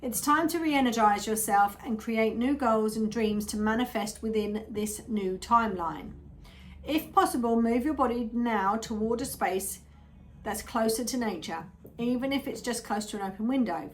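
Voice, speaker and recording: A woman's voice: a little high, a little hiss or hum. A woman giving a casual tarot reading to her viewers, chatty and rambling, often drifting into little asides. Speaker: tarot reader.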